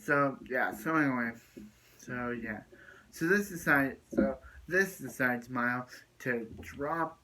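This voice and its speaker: A man with a bright, forceful voice recaps a TV episode in a loose, rambling way. He keeps circling back with filler words and restarts his sentences before he gets to the point. His pitch sits in a middle range for a man. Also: slow pace, slight background noise, low-quality recording. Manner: rambling, repeats and restarts phrases. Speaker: video reviewer.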